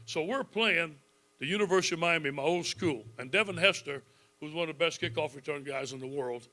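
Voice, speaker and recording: A man's voice: fairly high pitch, brisk. Folksy fifty-something man telling stories. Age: 50s. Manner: folksy, animated storytelling with frequent chuckles. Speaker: football coach giving a club speech. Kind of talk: storytelling speech to a club audience.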